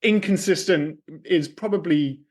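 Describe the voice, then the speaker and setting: Podcast co-host, man, slightly high voice, rambly and sweary, self-correcting. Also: a little slow, darkish tone. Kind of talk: casual film chat.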